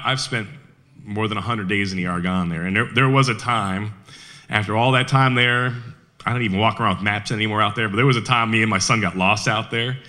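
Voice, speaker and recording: Bright-voiced man telling a battle story. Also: fairly low pitch. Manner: animated storyteller, quick quoted asides in character. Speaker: historian speaker. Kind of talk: storytelling talk. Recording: radio broadcast of a live talk.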